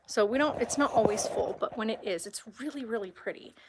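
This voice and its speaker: Brief: young woman, slightly high voice, casual rambling home-tour vlogger, handheld camera. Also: brisk, noisy background. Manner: chatty, rambling, with baby talk to her cats. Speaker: vlogger touring her home. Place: house, indoors and yard.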